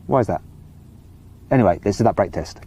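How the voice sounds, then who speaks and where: Speaking fairly quickly in a lowish voice, a man presents a car review with enthusiasm, exclaiming and laughing as he drives. He's in and around a sports car, and loud engine and road noise fill the recording.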